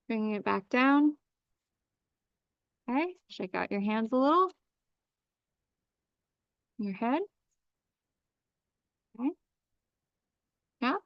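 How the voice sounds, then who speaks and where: A woman's voice: a little high, measured pace, long pauses, a bit bright, no room sound. Soothing woman guiding a healing meditation. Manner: soothing, repetitive, commanding incantations. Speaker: energy healer leading a group session. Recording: dry, dull lo-fi sound.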